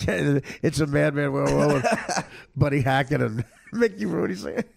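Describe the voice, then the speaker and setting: A middle-aged man hosting a comedic podcast, rambling and laughing between stories and quick impressions. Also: fairly high pitch, gravelly.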